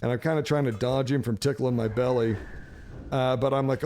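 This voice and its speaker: Animated, swearing male storyteller. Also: mid-range voice, fast. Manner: animated, profane, laughs while telling. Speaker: gaming streamer. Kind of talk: casual storytelling.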